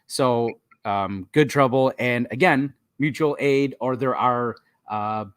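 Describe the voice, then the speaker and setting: A man co-hosting a casual history podcast, relaxed and chatty, laughing often and pausing with ums. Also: mid-range voice, clear, resonant tone, no echo, studio quality. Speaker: podcast co-host.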